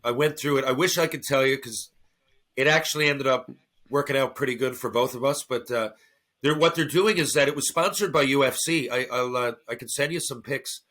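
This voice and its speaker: A man, a former hockey enforcer, telling a fight story on a podcast in casual, animated, profane chat. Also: mid-range voice, brisk. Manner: animated, swearing, acting out his own reactions.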